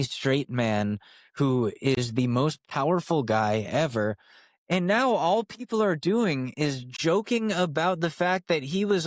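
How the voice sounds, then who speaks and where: A man's voice: on the high side, no echo, clean studio sound. Profane, incredulous male comedy ranter. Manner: incredulous, profane, exasperated ranting. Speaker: podcast host. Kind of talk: comedic rant monologue.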